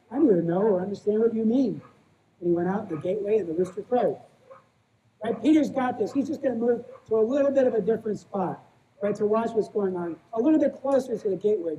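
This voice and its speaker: Over poor audio with a little hiss or hum, a man with a high, mellow voice delivers a sermon. The pastor keeps it plain and conversational, describes himself as a small-town guy, and frequently asks the congregation "right?".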